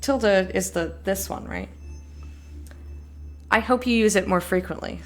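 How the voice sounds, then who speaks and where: A woman's voice: mid-range voice, measured pace, pauses often, soft background music. A young woman streaming a game, reading in-game emails aloud and adding chatty, giggly asides. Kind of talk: let's play commentary, reading game text aloud.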